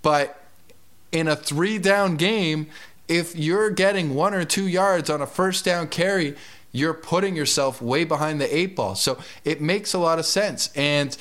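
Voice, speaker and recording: A man's voice: on the high side, a little slow, a bit bright. A man giving confident, emphatic fantasy football picks as a regular analyst on a sports podcast. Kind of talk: casual sports podcast chat.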